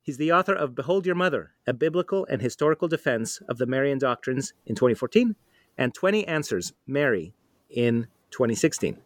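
A man's voice: medium pitch, sing-song, brisk, no echo, studio quality. A man hosting a podcast interview, friendly and thoughtful as he asks his questions. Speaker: podcast host.

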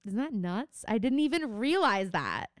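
A woman's voice: fairly high pitch, big pitch swings, measured pace, no room sound, studio quality. A young adult woman co-hosting a podcast in casual chat, rambling through a story with lots of "like" fillers and frequent laughs. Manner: chatty, heavy on "like" fillers, laughs often. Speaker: podcast co-host.

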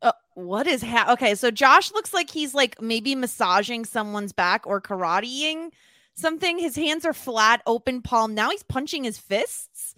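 A woman with a bright, forceful voice co-hosts a podcast and teases the others. Her pitch rises and falls a lot, and the sound is dry. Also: expressive, a little slow, no echo. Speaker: podcast co-host. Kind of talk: casual podcast chat.

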